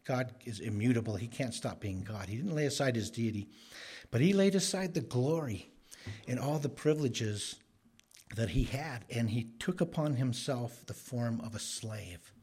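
Emphatic, husky-voiced male preacher. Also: mid-range voice, expressive, moderate pace, a little mellow. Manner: emphatic, voices the characters in quotes. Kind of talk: expository sermon.

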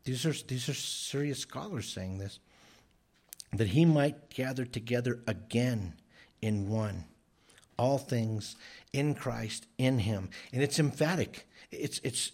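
A male pastor delivers a sermon with earnest emphasis, circling back and repeating key phrases to drive them home. His voice sits at an everyday middle pitch for a man. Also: slow, a little mellow.

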